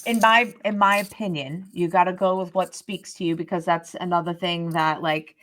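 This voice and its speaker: Rambling woman with a low voice. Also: steady tone, normal speed, fairly bright tone. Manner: rambling, many fillers and restarts; explains tarot practice from experience. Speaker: podcast co-host. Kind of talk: casual chat.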